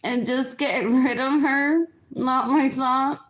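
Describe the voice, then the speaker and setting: A woman's voice: high voice, fairly even intonation, takes it slowly. A woman talking to viewers in a rambling livestream monologue, repeating herself as she goes.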